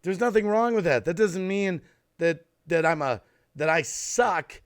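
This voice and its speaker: A man hosting a live stream who is worked up and ranting. His voice sits a bit high. He keeps breaking in on the others with quick apologies before pressing on. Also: animated. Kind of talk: casual live stream chat.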